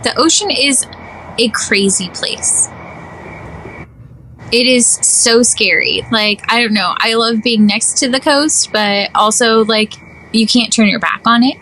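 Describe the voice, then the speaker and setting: A young woman co-hosting a podcast in casual chat, animated and playfully dramatic. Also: fairly high pitch, unhurried, slight background noise, poor audio. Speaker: podcast co-host.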